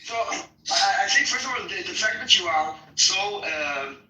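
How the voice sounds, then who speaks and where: A man's voice: high voice, lively intonation, sharp tone. A man in a heated debate who insists on his points but often stalls, searching for words. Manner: insistent but halting, many fillers and restarts. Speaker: debater in an online voice room. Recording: distant, roomy, faint noise.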